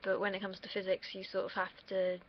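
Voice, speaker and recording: A woman's voice: mid-range voice, monotone, a little fast. A young woman rambling casually on a livestream, drifting off on tangents and swearing now and then. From United Kingdom. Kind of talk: casual rambling stream chat. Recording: dull lo-fi stream mic.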